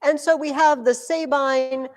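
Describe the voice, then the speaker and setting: A woman teacher giving a classroom history lesson, telling the story in an animated, joking way. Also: high voice, measured pace. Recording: echoey room with long reverb.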